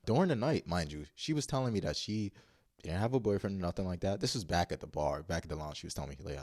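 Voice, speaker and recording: Deep-voiced man telling a blunt story. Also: lively intonation, quick pace, a little mellow, dry recording, clean studio sound. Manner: blunt, profane slang, rambling restarts. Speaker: vlogger. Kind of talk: casual story time.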